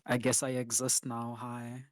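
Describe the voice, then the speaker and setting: A man's voice: medium pitch, completely flat delivery, a little slow, dry recording. A man joining a casual voice chat, wry and casually swearing.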